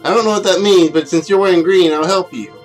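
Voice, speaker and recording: A man voicing a standoffish, tomboyish young witch girl from a game, in an offhand retelling with a slightly raised pitch. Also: fast talker, soft background music, lightly acted, low-quality recording.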